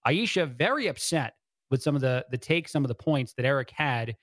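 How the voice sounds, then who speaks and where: A man's voice: medium pitch, expressive, a little fast, fairly bright tone, no echo, clean studio sound. A man filling in as a radio host, giving rambling talk-radio commentary with many fillers and restarts. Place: radio studio.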